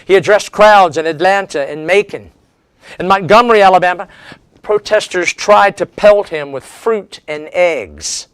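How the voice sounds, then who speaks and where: A man's voice: high-pitched, smooth, no room sound. A man giving a history lecture as a seminar speaker, telling it as a dramatic story with strong emphasis.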